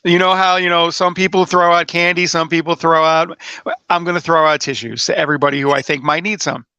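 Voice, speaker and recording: A man's voice: on the high side, steady tone, a little fast, sharp tone, clear, resonant tone, no echo. A man who manages wrestlers, chatting on a podcast with boastful, playful heel bravado. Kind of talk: casual podcast chat.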